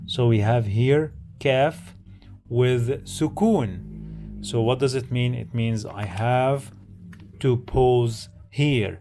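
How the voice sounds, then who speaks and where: Slow, patient male Arabic teacher. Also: medium pitch, warm tone. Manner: repeats each word and syllable slowly, explaining every rule. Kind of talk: slow, patient language lesson.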